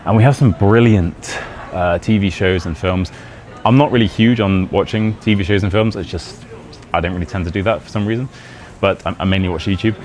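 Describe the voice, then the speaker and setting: A British English teacher and YouTuber chats casually to camera in a rambling vlog, laughing often as he teaches about his country. His voice is low and brisk with a darkish tone, and street noise carries in from outside.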